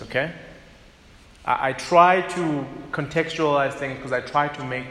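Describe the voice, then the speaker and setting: A man's voice: mid-range voice, fairly bright tone. A man preaching a sermon to his church, conversational and direct, with frequent restarts and emphatic repeats. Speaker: pastor. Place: church hall. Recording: echoey hall with long reverb.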